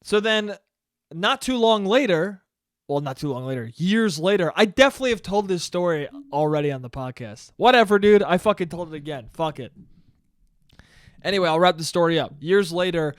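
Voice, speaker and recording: A man's voice: high-pitched, animated, normal speed, dry recording. A man hosting a solo podcast, telling a story in a profane, ranting, comedic monologue into a close mic. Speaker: podcast host.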